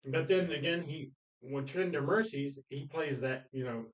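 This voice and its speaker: A man co-hosting a casual film discussion podcast, retelling movie scenes with animated energy, acting out quoted lines and laughing often. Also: fairly high pitch, normal speed, highs cut off. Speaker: podcast co-host.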